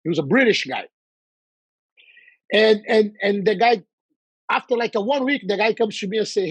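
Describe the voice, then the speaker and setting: A man from Brazil with a Brazilian accent, telling lively anecdotes in casual chat with quoted dialogue. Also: high voice, moderate pace, long pauses, husky, no echo, low-quality recording.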